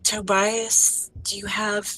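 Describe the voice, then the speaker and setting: A woman playing a tabletop game, calmly describing what her character does. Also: mid-range voice, low-quality recording. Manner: slow, thoughtful, describes her actions. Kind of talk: casual tabletop game chat.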